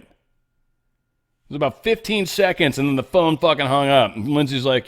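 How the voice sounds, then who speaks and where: A man talks politics in a loose, rambling way, swearing freely and tossing off sarcastic, mocking asides. His voice sits at an ordinary middle pitch, and he often loses his thread. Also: big pitch swings, normal speed. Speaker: political commentary host. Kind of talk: casual political commentary.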